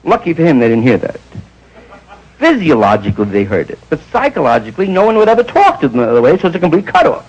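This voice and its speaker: A man around forty, doing a rambling stand-up routine in a nightclub and jumping into loud character voices. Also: fairly high pitch, huge pitch swings, fast, breathy edge, dull audio. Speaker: stand-up comedian. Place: nightclub stage before a live audience. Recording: faint hiss, old 1960s live recording.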